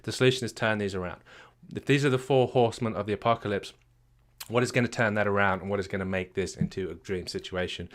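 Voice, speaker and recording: Running a live session, a British marriage coach drives his points home with emphatic rhetorical questions and frequent repetition. He speaks in a voice on the low side with a fairly bright tone.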